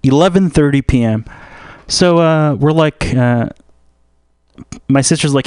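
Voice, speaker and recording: A man's voice: on the high side, unhurried, long pauses, darkish tone, clean tone, no room sound, clean studio sound. A man hosting a radio show, rambling through a profane comic monologue full of "uh". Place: radio studio.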